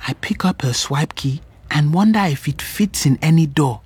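A woman narrating a story in the first person, hushed and wondering. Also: low-pitched, expressive, moderate pace, slight background noise.

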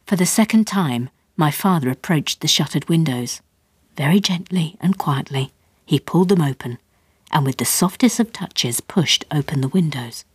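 A woman reading her own comic memoir aloud in a radio studio, lively and building with excitement. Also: low voice, moderate pace, husky, dry recording. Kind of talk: storybook reading.

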